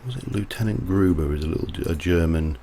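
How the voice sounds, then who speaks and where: A livestreamer talks casually over his gameplay in a deep, fast voice with a dark tone, and there's slight background noise. He's rambling and chatty, drifting off into side stories in the middle of what he's doing.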